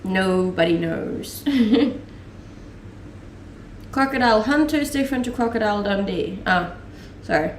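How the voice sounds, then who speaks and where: Her voice sits in the mid range, with slight background noise behind it. She's a young woman from Denmark easily fielding viewer questions on a live stream, laughing often and using many fillers. The recording comes from an echoey room with a somewhat distant microphone.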